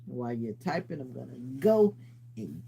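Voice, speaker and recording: A man's voice: medium pitch, big pitch swings, moderate pace, creaky, dark tone, slightly rough. A congested, sleepy man chatting casually with viewers on his livestream, rambling as he snacks. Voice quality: stuffy, congested. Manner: rambling, talks while snacking and reading chat. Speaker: livestream host.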